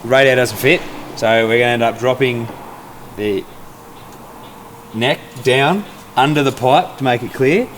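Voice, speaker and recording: A man's voice: medium pitch, slight background noise. A man, a mechanic casually explaining the build in a garage and shrugging off the work as easy. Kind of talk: casual workshop chat. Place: home garage workshop. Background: music.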